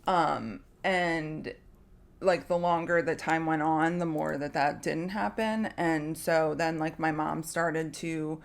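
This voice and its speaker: Slow, low-voiced woman with vocal fry. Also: fairly even intonation. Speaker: podcast co-host. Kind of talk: casual chat.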